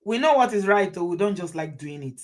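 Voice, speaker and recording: A woman's voice: on the low side, expressive, fairly quick, a little mellow. A woman hosting, giving advice to viewers in an emphatic way and repeating her points. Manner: emphatic, repeats phrases for effect. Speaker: host.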